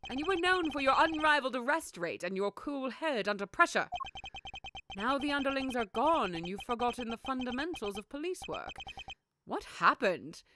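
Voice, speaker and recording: A woman voicing a calm, formal male prosecutor with a measured, dry delivery, over game music. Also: high-pitched, noisy background, pitched above the performer's own voice. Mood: composed.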